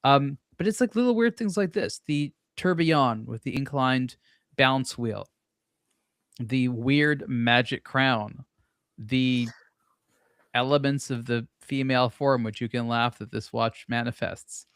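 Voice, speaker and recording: A man's voice: mid-range voice, fairly bright tone, smooth, dry recording. Wry joking man, dry close sound. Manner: wry, joking, talks in quick bursts. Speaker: watch blogger and show regular. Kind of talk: casual panel chat.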